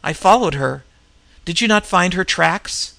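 A man's voice: high-pitched, lively intonation, measured pace, vocal fry, bright, forceful tone, heavily acted. A man reading aloud, voicing a dazed, half-frozen barbarian warrior who speaks grimly. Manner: grim and dazed. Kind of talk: audiobook reading.

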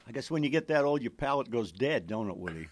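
A man's voice: medium pitch, sing-song, fast. A man hosting a casual radio studio chat about wine, joking with the others and talking with food in his mouth. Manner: joking, talks while eating. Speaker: radio show host.

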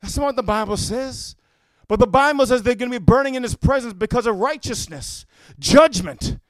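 High-voiced fiery preacher calling "amen?". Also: male voice, expressive, moderate pace, dry recording. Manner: fiery, calls "amen?" to the congregation, often shouting. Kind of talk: sermon.

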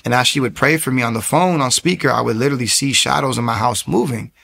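A man's voice: medium pitch, fast talker, creaky. A young man from the United States, casually telling his personal testimony and acting out the people he quotes. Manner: animated, acts out quoted voices.

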